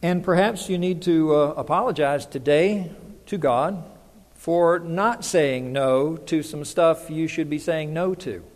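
Guy preaching, pretty high voice, chatty, keeps asking the crowd stuff, big echoey hall. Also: a little slow, darkish tone. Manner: conversational, asks the congregation questions. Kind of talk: sermon.

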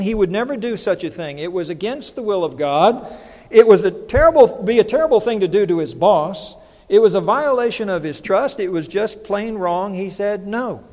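A man's voice: high-pitched, darkish tone, in a large hall. A man preaching a sermon in a conversational way, often putting questions to the congregation.

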